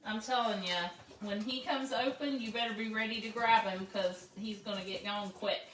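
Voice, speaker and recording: A woman's voice: mid-range voice, moderate pace, a bit bright, distant mic, slight background noise. A cheerful woman, chatting casually and laughing often. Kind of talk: casual chat. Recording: roomy sound, away from the mic.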